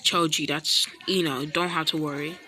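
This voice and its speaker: A woman's voice: low voice, steady tone, moderate pace. A woman doing a cocky teenage boy ninja. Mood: brash. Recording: loud background noise.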